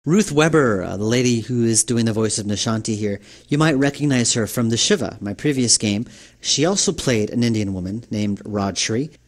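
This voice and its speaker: A game developer from New York giving a rambling commentary, full of fillers and restarts. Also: male voice, mid-range voice, moderate pace.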